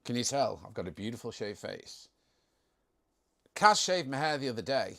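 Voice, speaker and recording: Animated man chatting on a live stream. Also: medium pitch, moderate pace, creaky. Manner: chatty and jokey, reading out viewer comments. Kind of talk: casual live stream chat.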